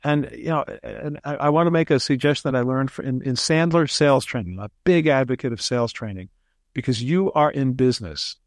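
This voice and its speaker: A man's voice: mid-range voice, a little fast, dry recording. Chatty man telling stories, dry sound. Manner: chatty, animated storyteller with frequent restarts. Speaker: ghostwriter guest. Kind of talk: casual interview storytelling.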